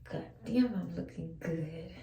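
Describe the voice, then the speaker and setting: A woman's voice: lowish voice, a little slow, gravelly, mellow, reverberant, a little hiss or hum, low-quality recording. A young woman, whispering a laid-back, chatty vlog at home while she brushes her teeth and washes her face. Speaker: vlogger. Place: home bathroom.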